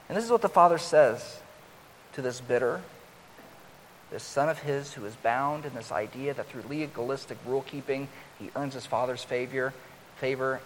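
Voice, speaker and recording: A man preaching a sermon, growing louder and higher as he acts out the older son's complaint. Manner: rises loud and high when acting out the older son's complaint. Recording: long hall reverb with faint hiss.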